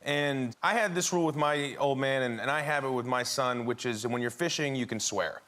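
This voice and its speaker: A man's voice: medium pitch, moderate pace. A man telling a funny family anecdote as a talk show guest, acting out the quotes. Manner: animated storyteller who acts out quotes. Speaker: celebrity guest.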